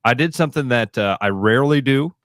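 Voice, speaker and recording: A man's voice: medium pitch, expressive, fairly quick, a bit bright, no room sound, studio quality. A middle-aged man with a Midwestern American accent, co-hosting a radio show and telling a story in a chatty, easygoing way. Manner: chatty, storytelling, laughs easily. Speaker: radio co-host. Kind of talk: casual radio chat. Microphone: studio microphone.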